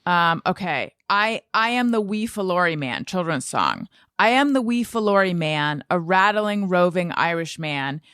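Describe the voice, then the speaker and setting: A woman's voice: on the low side, big pitch swings, measured pace, fairly bright tone, clean tone, no room sound. A woman co-hosting a podcast in a studio, chatting casually and teasingly, sometimes half-singing lines of a song. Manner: playful, teasing, sings snatches of song. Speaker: podcast co-host. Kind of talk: casual chat.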